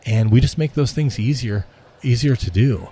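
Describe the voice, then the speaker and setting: A man's voice: mid-range voice, normal speed, warm tone, husky. A man who runs a restaurant tech company, talking in a casual interview, rambling and repeating himself, often tagging "right?".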